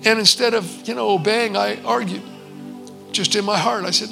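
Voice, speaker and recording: A man's voice: high voice, fairly even intonation, normal speed, gravelly, music in the background, low-quality recording. A man preaching, telling his testimony in an earnest, conversational way with quoted dialogue. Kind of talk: sermon testimony storytelling.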